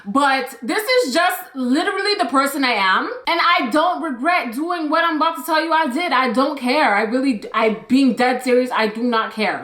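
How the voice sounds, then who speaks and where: High bright animated woman storyteller. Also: echoey room. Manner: animated, chatty, acts out quotes. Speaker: YouTuber. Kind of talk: storytime vlog.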